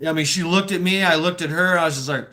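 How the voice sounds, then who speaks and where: This man's voice is on the high side, quick and sharp-toned. He speaks casually to his viewers in a rambling monologue full of stammers and repeated words, cursing freely and laughing as he talks.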